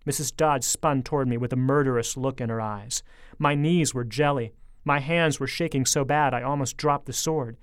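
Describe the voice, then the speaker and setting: A man reading a story aloud in a lively, expressive way, his voice sitting at an ordinary middle pitch. The sound is dry and close to the mic. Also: normal speed, clean tone, no room sound. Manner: lively storytelling, speeding up in tense moments. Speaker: audiobook narrator.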